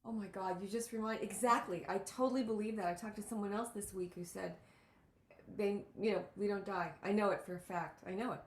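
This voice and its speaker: A woman hosts a casual talk show and tells her stories with animated exclamations. Her voice sits in a middle range, and the recording carries a roomy echo. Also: mid-range voice, brisk. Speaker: host. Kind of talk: casual storytelling chat.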